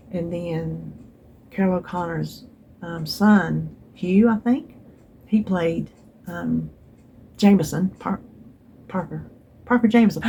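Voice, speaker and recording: A woman's voice: fairly low pitch, takes it slowly, creaky, pauses often, mellow, lo-fi sound, a little hiss or hum. A middle-aged woman with a Southern US accent, chatting casually to her phone at home in a wandering, rambling way. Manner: chatty, rambling, trails off and restarts, wistful asides. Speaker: vlogger. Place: home, seated in a chair.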